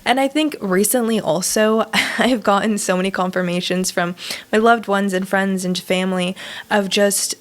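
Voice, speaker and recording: A woman's voice: mid-range voice, fairly even intonation, moderate pace. Candid young woman vlogging, casual and emphatic. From Southern California. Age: 20s. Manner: casual, emphatic, frequent swearing and fillers. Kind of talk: candid personal vlog talk.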